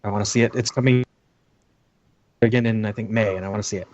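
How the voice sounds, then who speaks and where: Guy w a lowish voice on a podcast, plain and measured. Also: fairly even intonation, a little mellow. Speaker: podcast guest. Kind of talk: casual chat.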